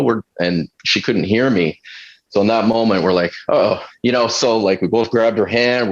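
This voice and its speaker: A man who works as a fitness coach, chatting casually on a podcast, full of restarts and fillers and laughing now and then. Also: on the low side. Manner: halting, many restarts and fillers; laughs now and then while telling stories. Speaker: fitness coach and retreat leader. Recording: dull lo-fi sound.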